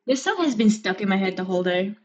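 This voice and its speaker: A woman's voice: mid-range voice, expressive, fast talker, a little mellow, rough recording. A young woman from Romania with a mixed Romanian and British accent, chatting casually and rambling with frequent giggles as a live streamer. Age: young adult. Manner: giggly, rambling, self-mocking.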